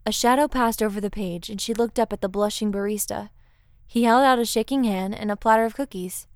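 Calm, clear-voiced woman storyteller. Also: mid-range voice, brisk, no room sound, studio quality. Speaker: narrator. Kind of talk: scripted story narration.

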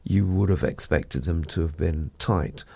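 A man co-hosting a breakfast radio show, reading the news and then discussing it in a measured, deliberate way in a studio. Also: sits low, vocal fry, mellow, breathy edge. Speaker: radio co-host and newsreader.

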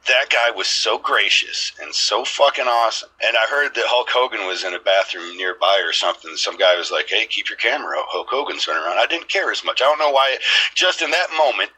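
A man chatting casually on a podcast, spinning long, rambling stories and swearing freely. His voice is forceful and bright, with a husky grain. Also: fairly low pitch, lively intonation, fairly quick, rough recording.

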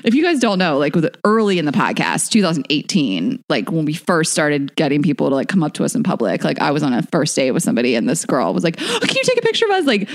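A woman's voice: low-pitched, lively intonation, quick pace, few pauses. A woman co-hosting a podcast, chatting casually, rambling and laughing often. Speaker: podcast co-host. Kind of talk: casual chat.

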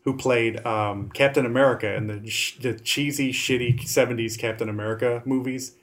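A man's voice: medium pitch, fairly even intonation, moderate pace. A man co-hosting a casual chat about bad movies, rambling, swearing freely and acting out scenes as he tells them. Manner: rambling, profane, acts out scenes.

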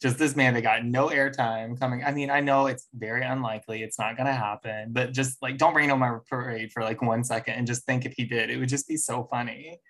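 A man's voice: mid-range voice, fairly even intonation, fairly quick, hardly any pauses, a bit bright. A man co-hosting a casual chat about reality TV, frank and opinionated, laughing often. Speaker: podcast co-host.

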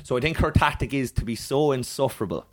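A man's voice: medium pitch, animated, fast. An Irish man with an Irish accent, a comedian guest, telling rambling, sweary stories in casual podcast chat and laughing often. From Ireland.

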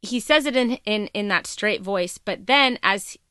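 Bright-voiced woman podcast host. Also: mid-range voice, a little slow, clear, resonant tone, dry recording, studio quality. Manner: animated, emphatic storytelling. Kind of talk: casual TV recap chat.

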